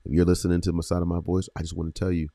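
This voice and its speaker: A man hosting a faith podcast, speaking earnestly with repeated phrases and slow, emphatic pauses. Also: low voice, monotone, vocal fry, warm tone, dry recording, clean studio sound. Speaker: podcast host. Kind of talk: encouraging faith podcast talk.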